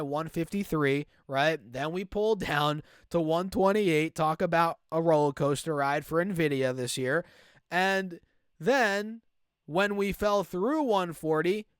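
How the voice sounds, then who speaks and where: A man's voice: high-pitched, clean tone, no echo, studio quality. A young man giving casual stock chart commentary for his channel, talking straight to his viewers, with a slight cold and a voice that cracks now and then. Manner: casual, repeats "right?" and "man", speaks to "guys". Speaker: stock market YouTuber.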